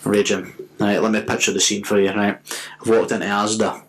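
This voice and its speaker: A man's voice: lowish voice, level tone, fairly quick, poor audio. Sweary Scottish man telling a story. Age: 20s. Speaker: podcast co-host. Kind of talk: casual storytelling chat.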